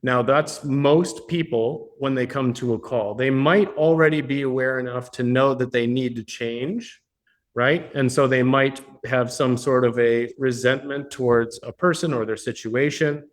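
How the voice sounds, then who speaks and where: A man's voice: mid-range voice, a little slow. Blunt, profane man teaching a workshop. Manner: blunt, profane, keeps checking in with the audience. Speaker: business coach hosting a mastermind. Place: meeting room with a live audience.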